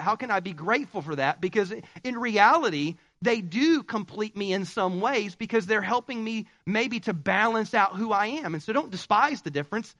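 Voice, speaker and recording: A male pastor preaching a sermon in an animated way, acting out quoted spouses. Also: very high-pitched, no echo.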